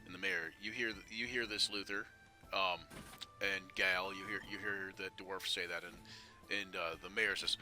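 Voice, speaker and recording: A man narrating a tabletop game as game master, talking in a halting way with fillers and often clearing his throat. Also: low voice, steady tone, pushed and bright, soft background music.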